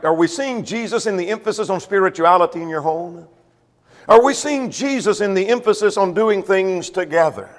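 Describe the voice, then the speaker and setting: Man preaching in a reverberant hall. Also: a little high. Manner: emphatic, repeats refrains, asks the congregation questions. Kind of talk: sermon.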